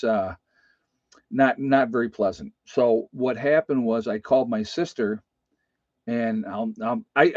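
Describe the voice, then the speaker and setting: A man's voice: mid-range voice, dry recording. Male homesteader, rambling storyteller who keeps addressing his viewers, dry and slightly muffled home recording. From United States. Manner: rambling, repeats phrases, addresses folks directly. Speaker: homestead channel host. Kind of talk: casual personal storytelling to viewers.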